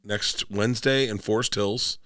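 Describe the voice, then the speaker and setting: A man with a fairly low voice chats as a podcast guest, spinning loose, rambling stories. He swears casually and slips into other people's voices when he quotes them. The sound is close and dry, with no room echo. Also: steady tone, a little slow, a bit bright. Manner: rambling storyteller who swears freely and acts out other people's lines. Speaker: touring stand-up comedian, podcast guest.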